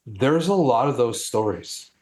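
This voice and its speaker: Male co-host, medium pitch, easygoing banter with frequent laughs. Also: expressive, darkish tone. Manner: laughs often, quick reactive banter. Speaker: podcast co-host. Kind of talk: casual podcast chat.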